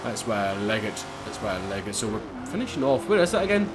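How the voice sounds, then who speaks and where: A young man giving excitable, casual commentary over his racing game, swearing and laughing as he drives. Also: fairly low pitch, fast talker, noisy background. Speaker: gaming YouTuber. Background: game music and car engines.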